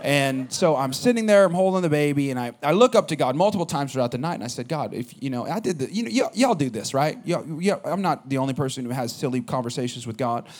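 A man giving a sermon, telling a personal story in a casual, animated way that drops low at the quiet moments. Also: fast, few pauses. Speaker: pastor.

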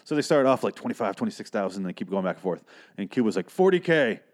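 A man's voice: on the low side, racing, a little mellow. A man hosting a podcast, recapping a TV episode in a casual, profane, sarcastic and rambling way. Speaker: podcast host.

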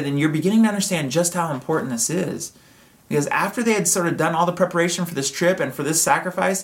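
A man gives a sermon as a pastor, speaking in an easygoing, chatty way rather than a formal one. He plays out imagined conversations as he goes. His voice sits a bit high for a man. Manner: conversational, animated, acts out imagined dialogue.

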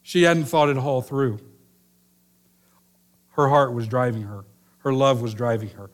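Middle-aged male pastor, chatty storytelling sermon, mid-pitched voice, acts out quoted lines. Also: measured pace.

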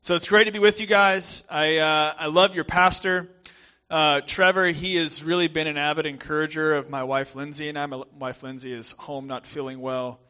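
A young man preaching with a bright, forceful voice set a little high. His softened Southern American accent colors a chatty sermon full of restarts and asides. He often pokes fun at himself. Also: fairly even intonation, normal speed, smooth. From southern United States. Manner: chatty and self-deprecating, with many fillers and restarts. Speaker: guest pastor.

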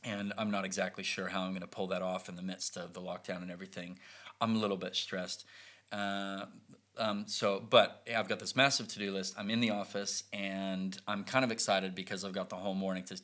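A man in his thirties telling a family story in a casual, animated way, acting out the lines of the people in it. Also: low voice, a little fast. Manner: animated, acts out quoted lines.

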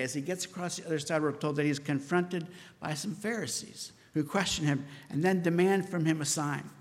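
A man preaching a sermon, telling the story with lively asides and acting out the disciples' voices. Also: on the high side, big-room sound. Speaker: pastor.

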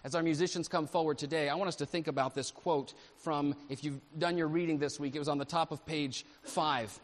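A man's voice: fairly high pitch, fairly even intonation, fairly quick. Man preaching in a reverberant church. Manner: earnest, building intensity toward the close. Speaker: pastor. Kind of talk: sermon. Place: church sanctuary. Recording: reverberant church hall with music behind. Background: music playing.

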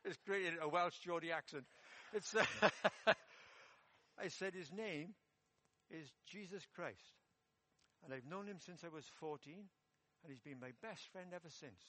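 A middle-aged man from England preaching in a church, telling a personal story in a relaxed, conversational way with self-deprecating humour. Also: on the high side, unhurried.

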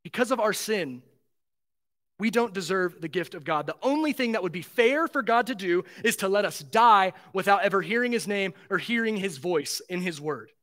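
A pastor with a notably high voice delivers an earnest sermon. He leans on repetition and rhetorical questions to drive each point home. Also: lively intonation, moderate pace, a bit bright. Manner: earnest, emphatic preaching with repeated phrases and rhetorical questions.

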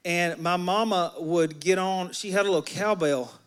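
A man's voice: high-pitched, moderate pace, smooth. A man from Alabama with a Southern accent preaching a sermon in a church, folksy and joking with the congregation. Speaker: pastor. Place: church sanctuary.

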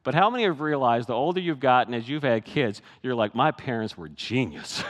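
A man's voice: medium pitch, expressive, brisk, a bit bright. A middle-aged pastor preaches in an easy, conversational way and slips into the voices of the people he quotes. His voice sits in a middle register. Long reverb from a big church hall trails after each phrase. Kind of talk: sermon.

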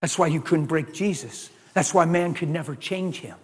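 A man preaching a sermon, animated, with shouted exclamations and laughing asides. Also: a little high, moderate pace, slightly rough, in a large hall.

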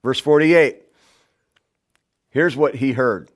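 A pastor preaching a sermon, shouting some lines and dropping to a hushed voice on others. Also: male voice, expressive, slow pace, long pauses. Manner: dynamic preaching, swings from loud shouts to hushed low lines.

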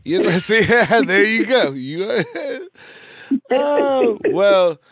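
A man's voice: high voice, expressive, extremely slow, fairly bright tone, dry recording. A man hosting a radio interview show, casual and rambling, joking and laughing often.

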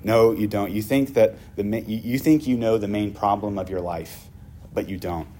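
A pastor voicing a gentle, compassionate teacher who speaks in a hushed, tender tone. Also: male voice, on the low side, steady tone, normal speed, a little hiss or hum, natural voice.

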